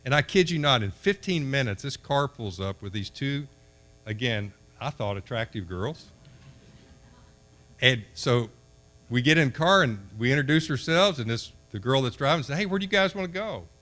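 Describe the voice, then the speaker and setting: A man's voice: mid-range voice, expressive, moderate pace, fairly bright tone. An older man from Kentucky gives a storytelling speech at a banquet, acting out the voices in his anecdote. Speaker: banquet speaker.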